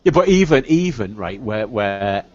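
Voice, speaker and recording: A man from the Wirral with a softened Liverpool accent, rambling and swearing freely as a casual podcast host. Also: on the low side, very animated, unhurried. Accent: Wirral Liverpool English. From the Wirral, England. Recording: dull lo-fi podcast audio.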